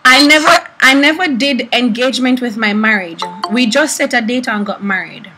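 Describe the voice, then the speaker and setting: A young woman prophetess teaching about prophecy through animated personal stories, acting out the people she quotes. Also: fairly high pitch, moderate pace, soft background music, rough recording. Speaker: prophetess and preacher.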